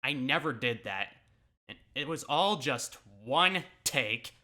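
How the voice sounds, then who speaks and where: A man's voice: medium pitch, lively intonation, takes it slowly, pushed and bright. A man YouTuber reacting to his own old videos in casual, self-mocking commentary, laughing often and swearing.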